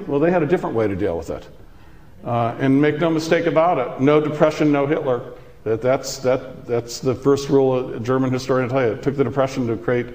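A man's voice: medium pitch, darkish tone. Impassioned man lecturing in a hall. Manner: impassioned, emphatic, rhetorical. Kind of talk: public lecture with Q&A. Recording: reverberant hall.

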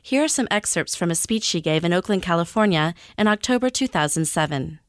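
A woman radio host announcing the program in a measured, precise scripted delivery. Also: on the low side, lively intonation, no room sound.

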